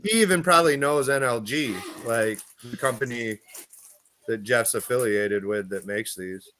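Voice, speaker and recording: A man's voice: medium pitch, normal speed, crowd noise. A man co-hosting a podcast in casual chat, laid-back, laughing often and swearing freely. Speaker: podcast co-host.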